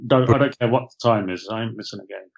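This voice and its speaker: A man co-hosting a football podcast in casual chat, halting and full of fillers. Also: lowish voice, vocal fry. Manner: hesitant, many fillers, laughs easily. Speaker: podcast co-host. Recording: dull lo-fi podcast audio.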